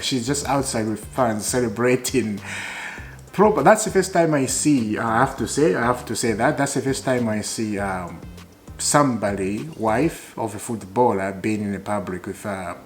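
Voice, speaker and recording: A man talking to camera as a football fan vlogger, emotional and repetitive, swinging between loud bursts and quiet musing. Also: on the low side. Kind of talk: casual fan commentary to camera.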